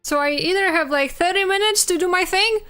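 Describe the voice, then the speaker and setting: A young adult woman streaming live, chatting casually with viewers in a halting way, full of restarts and little laughs. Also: extremely high pitch, bright, forceful tone.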